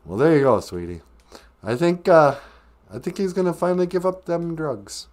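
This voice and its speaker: A man's voice: fairly high pitch, big pitch swings, normal speed, darkish tone. Rambling, sarcastic male podcast host. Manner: rambling and sarcastic, with many fillers. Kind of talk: live-stream comedy rant.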